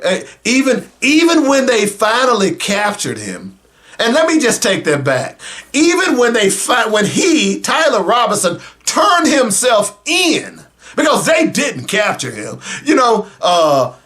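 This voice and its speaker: A male radio host giving sarcastic talk radio commentary, talking straight to his listeners and breaking into shouts. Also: high-pitched. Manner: animated, sarcastic, bursts into shouting; addresses listeners directly and casually.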